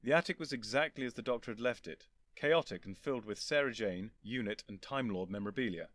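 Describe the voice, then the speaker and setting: A man reading a story aloud as narrator, in a lively, expressive storytelling manner. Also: mid-range voice, quick pace. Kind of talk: scripted audiobook narration.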